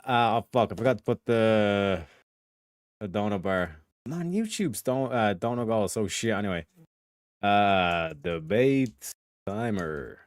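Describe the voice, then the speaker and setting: A man's voice: on the low side, smooth, no room sound. Male streamer, casual profane rambler, dry close mic. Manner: rambling, profane, lots of filler phrases. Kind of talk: casual livestream chat.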